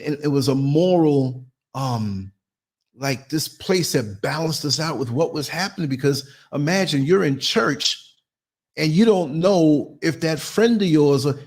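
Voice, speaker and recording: A man hosting a podcast, telling stories in a blunt, animated monologue. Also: on the high side. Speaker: podcast host. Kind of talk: casual commentary monologue.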